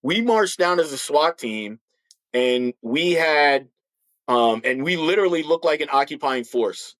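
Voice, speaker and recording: A middle-aged man and former police officer, a podcast guest, speaking bluntly and forcefully with frequent restarts. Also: fairly high pitch, animated, measured pace, no room sound, rough recording. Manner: acts out others' voices in stories. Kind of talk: podcast interview talk.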